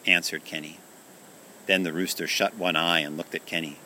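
A man reading a children's story aloud in a calm, gentle, measured way. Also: deep voice, slight background noise.

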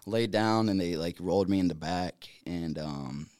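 A man tells his story as a podcast guest, with a low voice picked up close and dry. He talks casually and animatedly, full of fillers, laughs often and acts out what others said to him. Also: normal speed, a little mellow, clear, resonant tone, dry recording. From North Carolina.

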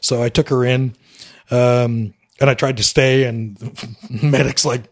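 A man's voice: medium pitch, fairly even intonation, measured pace. A middle-aged man from Canada, a military veteran guest on a podcast, telling his story candidly with a wry edge, acting out the dialogue, with frequent fillers.

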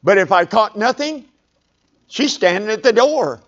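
A man's voice: sits high, animated, measured pace, a bit bright, lo-fi sound. A man preaching a sermon, telling a story conversationally and calling for amens.

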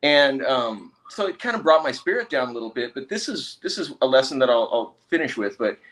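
A man, a motivational speaker guest on an interview show, telling an animated anecdote with laughter. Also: medium pitch, a little fast. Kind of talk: storytelling in an interview.

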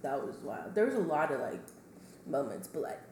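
A young woman co-hosting a podcast, chiming in with playful, animated remarks. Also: low voice, moderate pace. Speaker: podcast co-host. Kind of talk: casual chat. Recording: echoey room with faint background noise.

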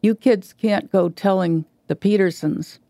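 A woman reading the lines of a gruff middle-aged male contractor who talks bluntly and shouts. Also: medium pitch, unhurried, no room sound, close to an everyday voice. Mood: urgent.

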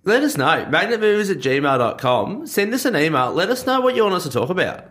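An Australian man co-hosting a casual sports podcast, chatty and quick to laugh. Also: high voice, very animated, a bit bright. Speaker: podcast co-host.

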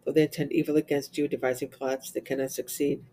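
A man reciting the Divine Office, reading psalms and lessons in English with Latin responses, in a steady, even recitation. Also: on the high side, fast talker, slight background noise. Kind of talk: reciting liturgical prayer and psalms.

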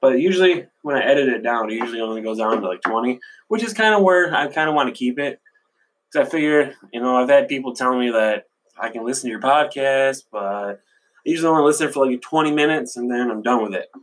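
Husky profane man rambling on a podcast. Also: medium pitch, fast talker, low-quality recording. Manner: rambling, profane, laughs at himself. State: stuffy runny nose. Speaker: podcast host.

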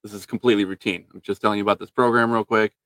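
A man's voice: fairly low pitch, steady tone, racing, fairly bright tone, no room sound. A man, a salesman, chatting casually and thinking aloud with loose fillers. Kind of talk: casual chat.

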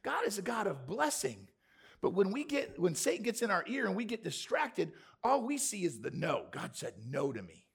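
Male pastor, high for a man, gravelly; punchy rhetorical sermon delivery with jokey asides. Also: big pitch swings, normal speed. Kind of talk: lively sermon to a live congregation. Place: church before a congregation.

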